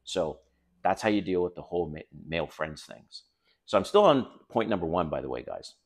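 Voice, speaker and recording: Man, middle-aged, very low voice, blunt, casual, swears, talks to viewers as guys. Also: animated, fairly quick. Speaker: dating advice host. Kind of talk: casual talk to camera.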